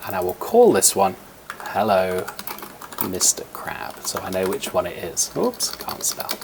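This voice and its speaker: A man's voice: lowish voice, creaky, slight background noise. A man teaching young children a coding lesson over a screen recording, explaining step by step in a patient way, with fillers, into a computer microphone.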